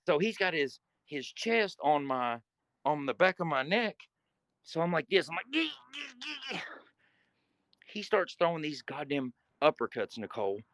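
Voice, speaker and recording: A man's voice: on the high side, lively intonation, moderate pace, a bit bright, no room sound. A man telling a guest story in casual, vivid, profane talk and acting scenes out.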